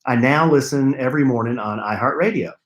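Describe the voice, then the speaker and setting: A man's voice: medium pitch, fairly quick, echoey room. A man co-hosting a podcast, reading listener letters aloud with playful, teasing banter. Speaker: podcast co-host. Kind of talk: casual chat, reading listener mail.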